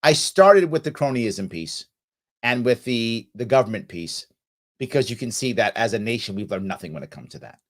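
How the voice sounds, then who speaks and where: A man's voice: medium pitch, expressive, moderate pace. An American man hosting a political talk show, delivering an emphatic livestream monologue and acting out both sides of each argument.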